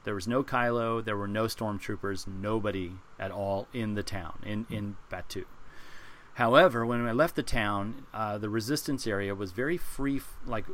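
A middle-aged man co-hosting a podcast in casual chat, telling a lively story and laughing as he goes. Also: fairly low pitch, moderate pace. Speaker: podcast co-host.

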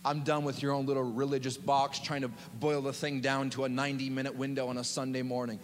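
A man's voice: mid-range voice, level tone, fairly quick, hardly any pauses, slight background noise. A man preaching a sermon as pastor, in an impassioned, dramatic way with repeated phrases. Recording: long hall reverb.

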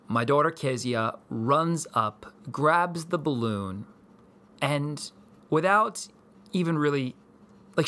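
Rambling, bright-voiced male preacher. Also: a little high. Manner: rambling, repetitive restarts, animated. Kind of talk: storytelling sermon.

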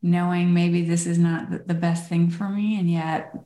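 A woman from the United States co-hosting a podcast in casual chat, thoughtful and quick to laugh. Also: on the low side, level tone, mellow. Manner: laughs easily, thoughtful and reflective. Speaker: podcast co-host. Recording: roomy echo.

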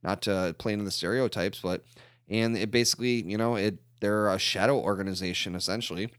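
A man's voice: fairly low pitch, fairly even intonation, brisk, a bit bright, clean tone, no room sound. Rambling podcast guy, dry close sound. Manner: rambling, lots of fillers and swearing. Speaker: podcast co-host. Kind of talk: casual chat.

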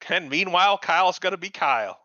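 In a high, bright, forceful voice with lively intonation and a fairly quick pace, a podcast co-host profanely rants through a crude, casual TV recap. He mocks the show's characters with put-on voices. The lo-fi recording sounds dull, with no echo.

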